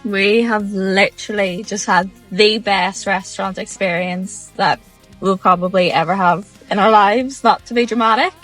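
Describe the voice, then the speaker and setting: A woman's voice: mid-range voice, moderate pace, fairly bright tone, soft background music, poor audio. A woman chatting to camera from inside a car, gushing and laughing as she talks about a diner. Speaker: travel vlogger. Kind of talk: casual chat to camera.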